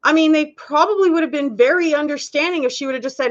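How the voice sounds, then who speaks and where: A woman's voice: sits high, fast talker, dull audio. A woman hosting a casual live stream, chatting candidly with viewers and laughing often.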